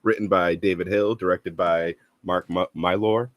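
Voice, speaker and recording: A man's voice: sits low, steady tone, moderate pace, no echo. A man calling in to a show from the greater Boston area, chatting in an easygoing way. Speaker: caller. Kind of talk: casual call-in chat.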